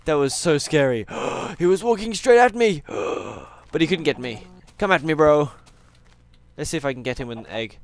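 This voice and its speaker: A man's voice: a little high, animated, brisk. A tired young man, chatting casually as he plays a game and teases the animals on screen. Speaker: gaming YouTuber. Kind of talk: casual let's-play commentary.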